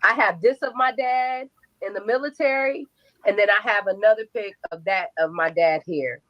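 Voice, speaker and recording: A young adult woman telling her own story in an interview, animated, acting out quotes and swearing freely. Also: mid-range voice, moderate pace, dull audio.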